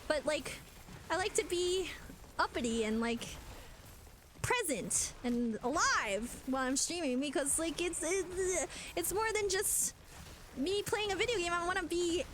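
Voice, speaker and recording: A young adult woman streaming as a VTuber, chatting casually in an animated way with lots of fillers. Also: very high-pitched, a little slow, slight background noise. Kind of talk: casual live-stream rant.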